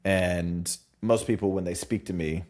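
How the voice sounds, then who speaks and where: Animated Southern man, low voice. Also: unhurried. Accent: mild Southern US. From Southern US, Charlotte. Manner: animated, laughs often, slips into voices. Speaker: podcast co-host. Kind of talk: casual chat.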